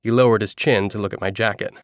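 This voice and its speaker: A man reading a novel aloud as a first-person narrator, in a steady storytelling manner. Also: on the low side, fast talker, dry recording, clean studio sound. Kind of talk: audiobook narration.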